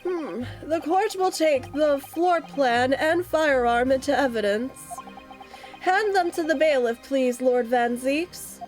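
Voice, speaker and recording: A stern male judge who speaks formally and commandingly, as a woman reads him out. The voice is high and measured in pace. Faint music sits in the background.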